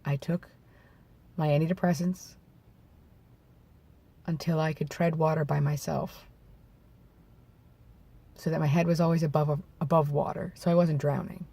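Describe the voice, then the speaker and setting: Outside in bright daylight, a man vlogs candidly to camera in a mellow voice on the high side with a level tone. The voice is gravelly from vocal nodes and a bit hoarse from throat clearing. He speaks reflectively and haltingly, restarting and correcting himself along the way.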